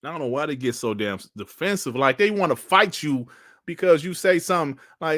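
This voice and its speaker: A streamer reads out and answers comments with casual, mocking commentary, laughing often and swearing. His voice is a little high, sharp and animated, a bit fast, in a dry, clean studio recording.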